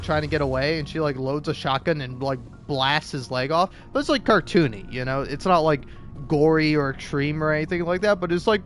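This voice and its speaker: A man hosting a gaming video, ranting casually with constant swearing and lots of filler words, building into loud outbursts. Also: fairly high pitch. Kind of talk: casual profane rant.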